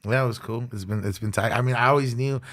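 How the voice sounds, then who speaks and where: A man's voice: mid-range voice, a bit bright. A man in his thirties, a guest musician telling road stories in casual, slangy podcast chat. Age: 30s. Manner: slangy, rapid storytelling.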